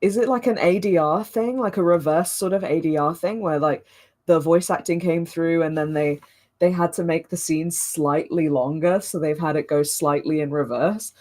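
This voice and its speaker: A woman's voice: low-pitched, normal speed, darkish tone. A woman hosting a watch-along of her own old gameplay videos, chatting casually and mocking herself with frequent laughter.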